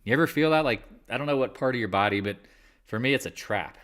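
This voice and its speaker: A man's voice: mid-range voice, lively intonation, fast talker, a bit bright. A man hosting a live market chat, talking candidly and rambling, with casual swearing. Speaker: livestream trading host.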